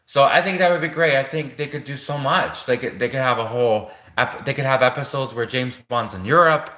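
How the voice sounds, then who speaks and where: Rambling man with a bright voice. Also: mid-range voice, fairly quick, reverberant. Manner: rambling, heavy on fillers and restarts. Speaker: livestream host. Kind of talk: casual rambling monologue.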